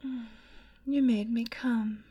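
A woman performing a whispered role-play in an intimate, coaxing way, with soft laughs. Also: on the high side, steady tone, slow, husky.

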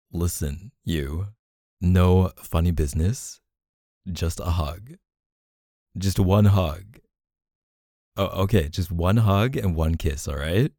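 A man's voice: sits low, dark tone, no echo, studio quality. A man doing an audio role-play as a boyfriend, teasing and affectionate and laughing often.

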